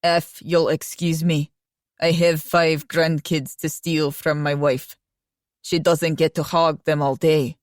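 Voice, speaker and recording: A woman voicing an older Russian man who officiates a wedding as judge, speaking slowly and formally in a thick Russian accent. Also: low-pitched, level tone, no echo, studio quality. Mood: jovial.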